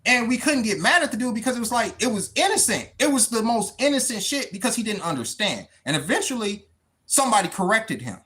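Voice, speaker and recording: A man from the United States speaks straight to his livestream audience with no script. His pitch swings widely as he talks. He swears in nearly every sentence and often circles back over the same words. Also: big pitch swings, fast, bright, forceful tone. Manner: emphatic, swears constantly, repeats words. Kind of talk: unscripted livestream monologue.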